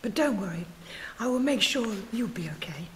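A woman's voice: fairly high pitch, expressive, moderate pace, slight background noise, close to an everyday voice. A woman voicing a cheeky young male art forger who talks in a breezy, reassuring way.

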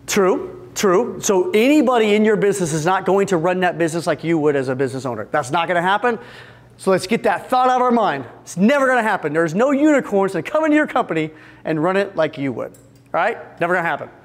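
Talking fast, an upbeat seminar speaker with a high voice jokes his way through a business seminar talk for fence company owners. He's energetic, speaks straight to the live audience in a retreat event room, and acts out little scenes.

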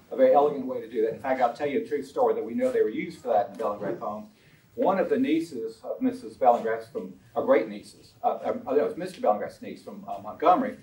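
A man's voice: mid-range voice, a little mellow. A man giving an illustrated lecture on a historical collection, chatty and anecdotal, with frequent ums and uhs. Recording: roomy sound from a distant mic.

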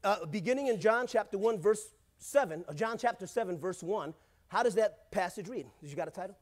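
A man's voice: high-pitched, lively intonation, fairly quick. A male pastor preaching a sermon in church, in a casual, joking way, often calling out to the congregation.

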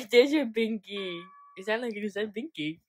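A woman's voice: a little high, expressive, unhurried, soft background music. A mother at home talking to her baby in coaxing, sing-song baby talk and laughing often. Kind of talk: home video chat with a baby.

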